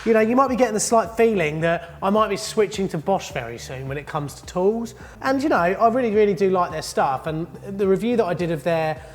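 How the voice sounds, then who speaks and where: A man's voice: fairly high pitch, in a large hall. A man, a plumber, presenting a jokey, upbeat tool review vlog from his studio. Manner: upbeat and jokey, chatty asides. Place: indoor studio.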